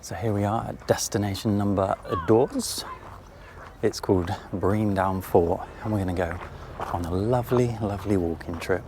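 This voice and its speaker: A man's voice: lowish voice, moderate pace. A man talking casually to the viewer while walking outdoors, chatty and self-mocking, filming on a handheld camera. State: out of breath while climbing. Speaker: vlogger. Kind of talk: casual vlog walk-and-talk. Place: outdoors, farm fields and coastal path. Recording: faint outdoor noise.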